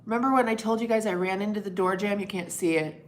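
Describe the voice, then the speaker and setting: There's a little hiss or hum as a woman with a mid-range voice talks fast to the viewers of her casual live stream. Her manner is playful and teasing, punctuated by loud monkey noises.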